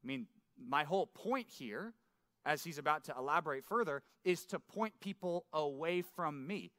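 A middle-aged male pastor with a bright, forceful voice and a slightly higher pitch, teaching scripture in a loose, conversational way. He keeps checking in with his listeners and tags his points with "right?" The recording is dry and close, with little room sound. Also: animated, normal speed, no room sound. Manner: asks the listeners questions, often tags lines with "right?". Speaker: pastor teaching a men's Bible study.

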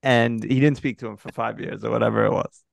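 Mid-pitched gravelly man, dry teasing podcast host, close dry mic. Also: fairly even intonation, fast, no echo. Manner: dry, teasing one-liners. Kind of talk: casual movie chat.

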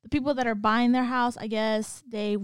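A young woman chatting casually, her voice smooth and slightly high. She tells anecdotes and laughs easily, and the sound is close and dry. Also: flat delivery, moderate pace, no room sound. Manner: laughs often, storytelling. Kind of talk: casual chat.

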